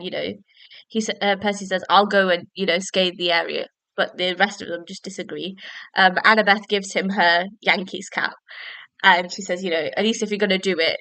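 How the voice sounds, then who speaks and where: A woman's voice: medium pitch, bright, forceful tone, dry recording. A young woman hosting a solo book-review podcast, chatting in a rambling, self-deprecating way with giggly asides. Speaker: podcast host.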